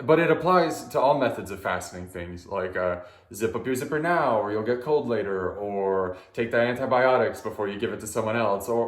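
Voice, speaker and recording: In a deadpan comic monologue for an audition, a man speaks in a mid-range voice, halting and hesitant, with soft asides that trail off. The recording sounds roomy.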